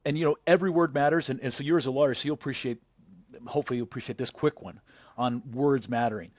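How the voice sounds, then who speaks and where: A man's voice: medium pitch, fast, a little mellow, no echo. A man as a podcast guest, a negotiator telling a story in a conversational way, often restarting and repeating words. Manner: frequent restarts and word repeats.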